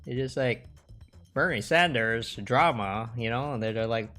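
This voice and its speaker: A man's voice: medium pitch, measured pace, bright, forceful tone, faint music behind. A young man rambling casually on his livestream, swearing and restarting his sentences. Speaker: livestream host.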